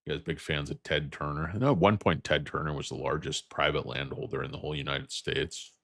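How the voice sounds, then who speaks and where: Tired man with a very deep voice. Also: steady tone, brisk, fairly bright tone, no echo, studio quality. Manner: rambling, joking, tangent-prone. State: tired, losing his voice. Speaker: host. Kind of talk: rambling livestream about stocks.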